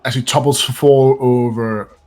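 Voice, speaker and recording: A man acting as game master, narrating a tabletop game in a calm, measured way with frequent chuckles. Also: mid-range voice.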